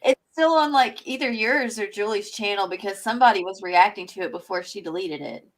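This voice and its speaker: A woman's voice: medium pitch, a little fast. A woman guest on a livestream, recounting events in a gossipy way with quoted asides. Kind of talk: casual livestream chat.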